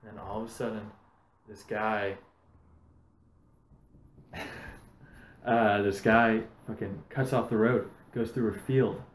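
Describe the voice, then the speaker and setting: Animated swearing man in echoey room. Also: lowish voice, takes it slowly, long pauses. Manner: swears a lot, animated storytelling. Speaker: podcast host. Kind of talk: casual podcast chat.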